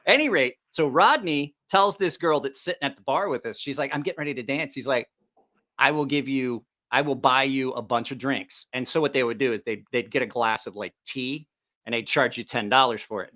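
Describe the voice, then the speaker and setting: A man's voice: mid-range voice, a little fast, sharp tone. A middle-aged man hosting a live stream, telling a rambling, profane story with lots of laughter. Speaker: livestream host.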